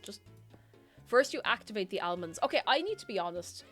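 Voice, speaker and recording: A woman's voice: medium pitch, very animated, a little fast, a bit bright, soft background music. A woman streamer chatting casually with her viewers, rambling, giggling and poking fun at herself. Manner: rambling, giggly and self-mocking. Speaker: livestreamer. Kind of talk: casual chat reading viewer messages.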